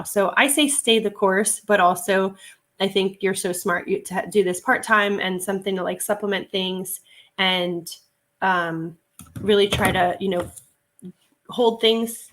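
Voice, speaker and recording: A woman's voice: mid-range voice, a bit bright. Chatty woman reseller live-streaming. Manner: chatty, gushing over items, reads viewer comments. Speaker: reseller livestream host. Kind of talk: casual live-stream chat.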